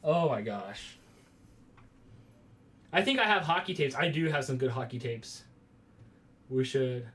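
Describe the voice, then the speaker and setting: A man's voice: mid-range voice, lively intonation, a little slow, pauses often, a bit bright. A man in his thirties hosting a casual home livestream, rambling and chatting with viewers and often exclaiming as he goes.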